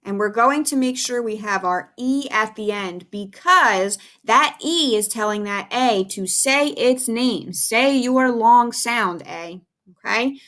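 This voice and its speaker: Woman teacher, phonics lesson, slow and deliberate, sing-song call and repeat, patient. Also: fairly high pitch, a bit bright. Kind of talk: remote phonics lesson for young children.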